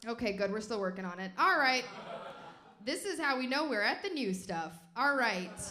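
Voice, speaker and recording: A young woman from Chicago performing a stand-up comedy set on stage, telling animated stories and acting out the people in them. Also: on the high side, normal speed, reverberant. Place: stage before a live audience.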